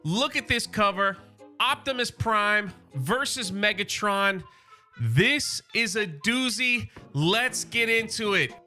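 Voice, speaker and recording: A man's voice: sits high, animated, slow, pushed and bright, soft background music. A man hosting a comic book channel, casually and enthusiastically recapping an issue and reading the quotes aloud.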